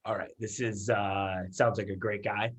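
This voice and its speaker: A man's voice: lowish voice, steady tone, moderate pace, a bit bright. A man co-hosting a comedy podcast, asking questions in a joking, playful way. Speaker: podcast co-host. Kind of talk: casual comedy chat.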